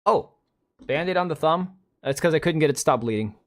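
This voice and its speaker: A man's voice: fairly high pitch, animated, brisk. A man in his thirties hosting a casual livestream, rambling bluntly and reacting to chat with restarts and asides. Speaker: livestream host.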